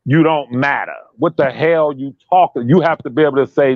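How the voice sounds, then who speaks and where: A man giving casual, profane commentary in an emphatic, animated way. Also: mid-range voice, brisk, gravelly, hardly any pauses, no room sound, highs cut off.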